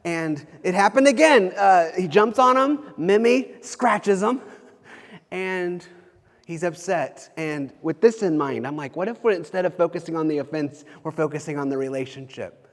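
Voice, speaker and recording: A man in his thirties, a pastor, preaches in a loose, conversational way. His voice sits a little high for a man, and he often restarts and repeats phrases. The sound carries a long reverb tail, as if from a church sanctuary. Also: expressive, moderate pace. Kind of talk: sermon.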